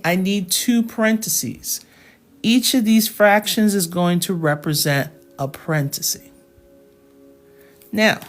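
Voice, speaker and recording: Female math tutor, patient and methodical, talks slowly, light music underneath. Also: lowish voice. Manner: slow, patient step-by-step explaining with check-ins. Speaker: math teacher. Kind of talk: live classroom math lesson.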